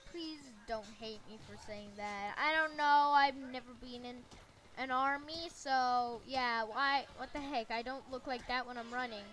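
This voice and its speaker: A woman's voice: high voice, steady tone, unhurried, a bit bright. A woman giving playful, goofy commentary while playing a shooting game, shrieking at the action and muttering to herself in between. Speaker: gameplay commentator.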